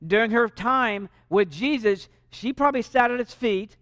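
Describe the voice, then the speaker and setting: High-pitched guy preaching in church, animated, punchy swings in volume, dry sound. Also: normal speed, no room sound. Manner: animated, varies loudness for emphasis. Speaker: pastor. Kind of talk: sermon. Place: church sanctuary.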